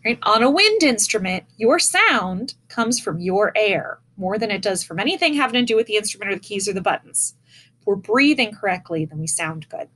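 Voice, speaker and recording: A woman's voice: medium pitch, expressive, fairly quick, a bit bright. A woman teaching an online music lesson to children. She speaks patiently and demonstrates breaths as she goes. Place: indoors, seated in a chair. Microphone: camera in front of her.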